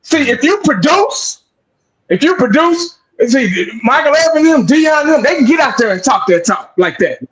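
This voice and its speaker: A man with a notably high speaking voice talks sports in a loose, heated way. He is emphatic and profane, repeats himself, and caps his points with 'man'. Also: big pitch swings, moderate pace, a bit bright, rough recording. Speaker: sports show host. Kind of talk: casual sports talk.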